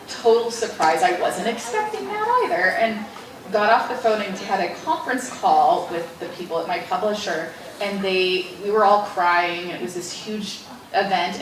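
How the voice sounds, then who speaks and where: A middle-aged woman author recounts her stories with animated, laughing energy. She sounds distant from the microphone, in a roomy space with a clear hiss underneath. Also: medium pitch. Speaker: author guest. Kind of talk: storytelling interview. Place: library event room.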